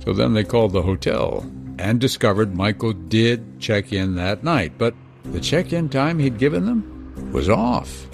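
A man reading a scripted true-crime narration in a measured way, with dramatic pauses. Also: fairly low pitch, lively intonation, vocal fry. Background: music.

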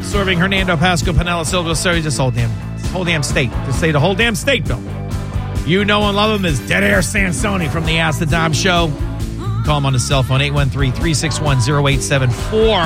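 A man's voice: on the high side, animated, a little fast, over music. A man hosting a call-in legal advice radio show, talking in a chatty, rambling way and often restarting his sentences. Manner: chatty, rambling, self-interrupting. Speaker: radio show host and lawyer.

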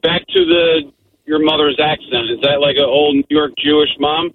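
Chatty caller on a tinny phone line. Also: male voice, a little high, wildly swooping pitch, normal speed, gravelly, far from the mic, slight background noise. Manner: chatty, teasing. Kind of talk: casual call-in chat.

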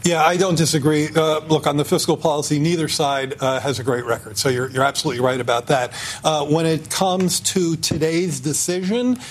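Halting man weighing in as a guest. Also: fairly high pitch, fairly even intonation, slight background noise. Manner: halting, many uh fillers, measured. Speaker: economist guest. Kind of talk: live TV panel discussion.

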